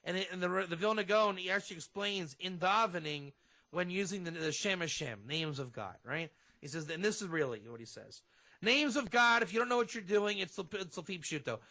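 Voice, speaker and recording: A man, a rabbi and guest on a radio show, teaching in an animated way and sometimes acting out fervent prayer. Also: high voice, a little fast. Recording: dull lo-fi radio audio.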